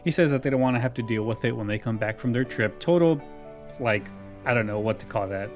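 A man's voice: mid-range voice, fast, faint music behind. Chatty man laughing through a recap. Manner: laughs often while retelling scenes. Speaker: podcast host recapping a sitcom. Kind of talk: casual chat.

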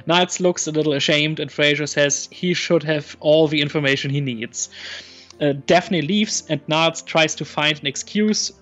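A man walks through an episode's scenes in a relaxed chat. He pauses often with ums and restarts. His voice sits a bit high, and the recording sounds dull and lo-fi with faint music underneath. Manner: hesitant, many ums and restarts, retelling scenes. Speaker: podcast co-host recapping an episode. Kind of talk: casual chat.

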